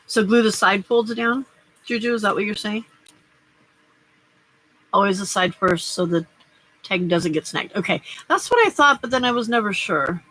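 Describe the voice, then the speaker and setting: A woman's voice: medium pitch, expressive, normal speed, long pauses, fairly bright tone, rough recording. A middle-aged woman hosting a casual live stream, chatting and rambling as she crafts and answers viewers' comments. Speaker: livestream host.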